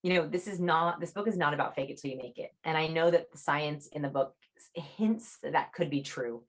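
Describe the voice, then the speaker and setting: A young woman talks as a guest author on a podcast, her voice sitting low in her range. She is chatty and animated, with lots of "like" in her talk. It sounds like a video call. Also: a little fast. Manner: chatty, fillers like "like". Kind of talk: podcast interview.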